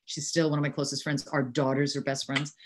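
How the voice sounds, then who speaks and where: Low-pitched American woman, 60s, New Yorker; lively storyteller who laughs as she talks. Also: a little fast. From New York City. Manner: animated anecdotes, frequent laughter. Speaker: actress, interview guest. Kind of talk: casual storytelling interview.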